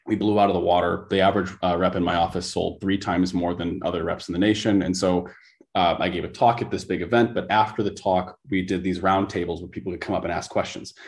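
A man's voice: low voice, level tone, fast. A man speaking as a coach in an interview, telling stories intensely and repeating phrases for emphasis. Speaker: podcast guest, coach. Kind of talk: conversational interview storytelling.

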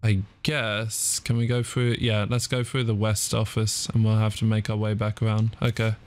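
A man giving let's play commentary on a horror game, panicky, his pitch jumping high when scared, often saying "fudge" in place of swearing. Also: little pitch movement, moderate pace, a little mellow, slight background noise. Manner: swaps swear words for "fudge". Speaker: gaming YouTuber.

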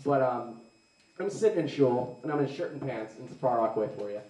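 A man's voice: mid-range voice, lively intonation, fairly quick, dark tone, dull audio. A young adult man doing a live stand-up set, rambling and sarcastic with lots of "like"s. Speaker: stand-up comedian. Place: live comedy venue. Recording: roomy, mic heard from a distance.

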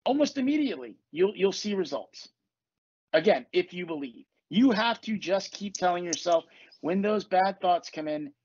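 A man who is a podcast host and coach tells profane stories on a casual spiritual podcast, acting out what people said. His high voice has lively intonation, a moderate pace and a breathy edge, with dull audio and no room sound.

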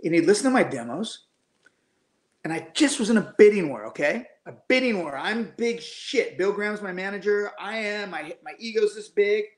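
A man's voice: sits high, expressive, normal speed. Blunt middle-aged man telling stories in a roomy space. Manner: blunt storytelling, swears freely, acts out quoted voices. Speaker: guest musician. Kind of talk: casual chat.

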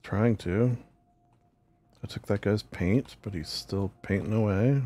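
A man's voice: lowish voice, slow pace, mellow. A man hosting a gaming channel, chatting casually and jokingly as he plays a role-play game. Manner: rambling, jokey, talks to himself.

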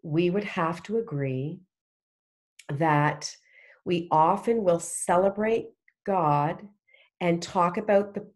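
A middle-aged woman with a low voice talks earnestly as a podcast guest. Her speech is heartfelt and emphatic, with frequent restarts. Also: slow pace, long pauses. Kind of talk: casual faith conversation.

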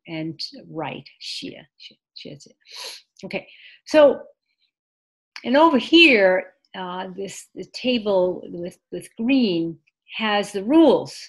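A woman teaching an online English class, speaking patiently, repeating words and adding short Mandarin glosses. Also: on the low side. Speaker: ESL teacher. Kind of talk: online class lesson with screen sharing.

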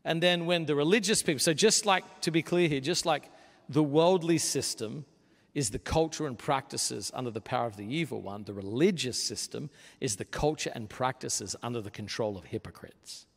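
A man preaching a sermon as pastor, earnest and conversational, building to forceful emphasis. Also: mid-range voice, moderate pace, creaky. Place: church sanctuary. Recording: long reverb of a large hall.

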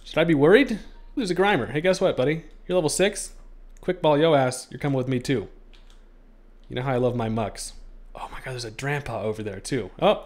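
A young man giving playful let's-play commentary on a game, joking with the creatures he tries to catch. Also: a little high. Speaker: gaming streamer.

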